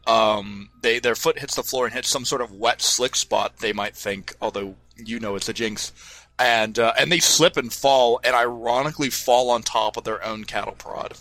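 A man narrates a tabletop game as its game master, wandering through his descriptions and correcting himself as he goes. His voice is bright and forward, recorded dry and close over a desk mic. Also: medium pitch, normal speed, no room sound. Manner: rambling, self-correcting, filler-heavy. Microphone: headphones and desk mic.

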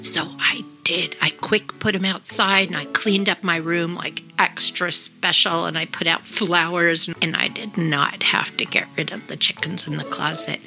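Woman podcast storyteller, animated and playful with whispered asides; bright, forward tone over soft background music. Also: lowish voice, measured pace, creaky, few pauses, low-quality recording. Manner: animated, acts out voices and sounds, drops to whispers for asides. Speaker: podcast host.

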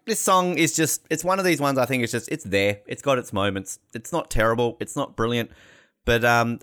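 A man hosts a relaxed panel conversation, wandering through his points with filler words and quick jokes. His voice sits at an ordinary middle pitch. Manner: rambling and jokey, many fillers. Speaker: podcast host. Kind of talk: casual panel chat.

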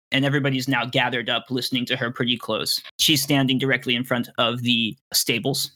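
A man narrating as game master in a tabletop role-playing game, describing scenes in a relaxed way. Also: mid-range voice, fairly quick, hardly any pauses.

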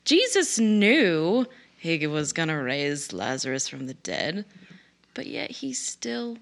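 A woman's voice: sits low, big pitch swings, takes it slowly, vocal fry, a bit bright. A woman co-hosting a podcast in casual chat, reading listener questions and laughing often. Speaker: podcast co-host.

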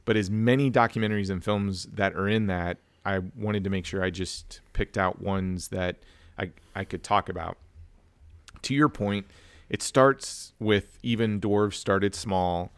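A man's voice: on the low side, fairly even intonation, unhurried, clear, resonant tone, no room sound. A man co-hosting a casual film review chat, telling stories and acting out family dialogue. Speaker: podcast co-host.

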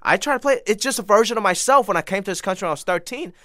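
A man's voice: sits high, racing, no room sound, studio quality. A man from Hong Kong in his thirties, a comedian guest talking in a casual interview, telling stories animatedly. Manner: animated storytelling, quotes others in lively voices.

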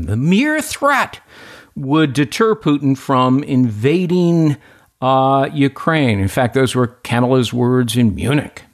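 Animated man hosting a political talk show. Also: mid-range voice. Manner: lively, indignant, laughs at himself. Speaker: host.

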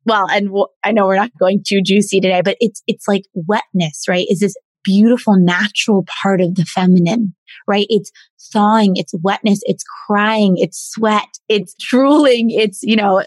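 A woman coach telling her personal story in an interview, earnest and animated, often repeating and restarting words. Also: medium pitch, no echo. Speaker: guest, women's coach. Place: in Bali.

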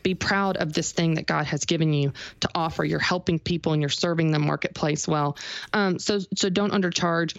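A woman's voice: low-pitched, fairly even intonation, normal speed, gravelly, dry recording, lo-fi sound. A woman being interviewed, giving emphatic motivational business advice and repeating her main points. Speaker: guest, business author.

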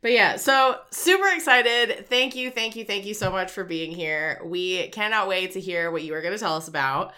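A woman hosts a casual chat, bubbly and quick to laugh. Her voice has a bright, sharp edge. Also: medium pitch. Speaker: podcast host.

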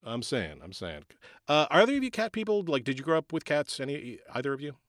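A man hosting a podcast in casual chat, animated and laughing as he talks. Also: medium pitch, fast talker, crowd noise. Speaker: podcast host.

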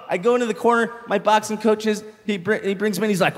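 A young man doing stand-up comedy, telling a story in an animated way, swearing freely and acting out shouts. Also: high voice, quick pace, in a large hall.

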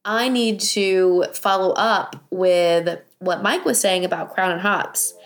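A woman co-hosting a casual podcast chat, enthusiastic and chatty, her voice raspy and hoarse from a cold. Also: fairly low pitch, slow pace. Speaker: podcast co-host.

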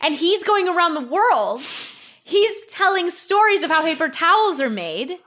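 High-voiced woman doing mock-dramatic improv. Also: sing-song, a little slow, pushed and bright. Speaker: improv comedian. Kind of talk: improvised comedy scene.

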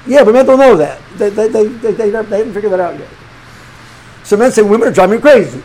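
A middle-aged rabbi's voice sits high as he lectures students briskly and informally on religion. He's animated, restarting and repeating words often and dropping in Hebrew and Yiddish terms, and the recording quality is low.

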